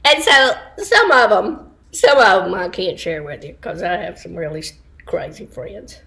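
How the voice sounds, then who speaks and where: A woman's voice: on the low side, lively intonation, normal speed, vocal fry, pushed and bright. A woman chatting casually to online viewers from home, laughing often and wandering into asides. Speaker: livestream host. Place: home, indoors.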